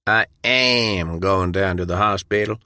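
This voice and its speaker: A man voicing a smooth, commanding male federal official who speaks in a cold, formal way. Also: low voice, measured pace, pushed and bright, no echo, clean studio sound.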